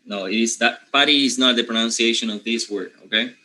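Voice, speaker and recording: A man from Panama with a Panamanian accent, a native Spanish speaker teaching English pronunciation, who often clears his throat and keeps checking in with his students. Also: medium pitch, brisk, pushed and bright, slight background noise, rough recording. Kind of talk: pronunciation lesson.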